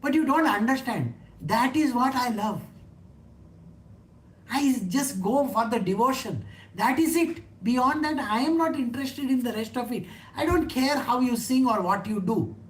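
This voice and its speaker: A woman's voice: a little high, animated, a little slow. A woman giving an informal talk on scripture, chatty, often asking her listeners questions and laughing. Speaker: spiritual teacher. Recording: echoey room.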